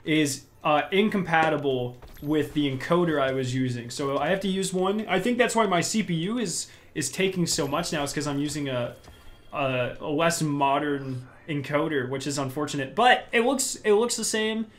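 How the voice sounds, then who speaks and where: A man's voice: on the high side, normal speed. A young man hosting a casual gaming podcast from home, rambling upbeat with many restarts. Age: young adult. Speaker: podcast host.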